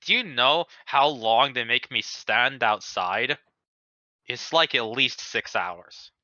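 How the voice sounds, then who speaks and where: A man playing a tabletop game, cracking jokes in a deadpan way. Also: mid-range voice, slow pace, no echo, dull audio. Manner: deadpan joking. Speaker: player.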